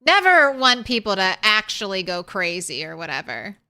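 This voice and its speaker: A woman's voice: medium pitch, sing-song, moderate pace, bright, forceful tone, clear, resonant tone. A young woman streaming a video game, chatting casually with viewers and talking sweetly to her cat. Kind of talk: casual live-stream chat.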